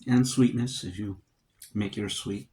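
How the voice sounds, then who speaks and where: Low-voiced man chatting over a meal. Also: unhurried, low-quality recording. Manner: relaxed, rambling, talks to himself between bites. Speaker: vlogger. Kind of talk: casual mukbang chat.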